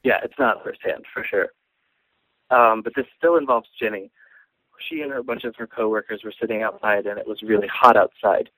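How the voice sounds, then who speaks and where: A man's voice: lowish voice, fairly even intonation, normal speed, bright, forceful tone, dry recording, rough recording. A young man casually telling funny stories about a friend, chatty and laughing as he goes. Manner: chatty, laughs while telling, frequent restarts. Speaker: guest storyteller. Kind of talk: casual storytelling.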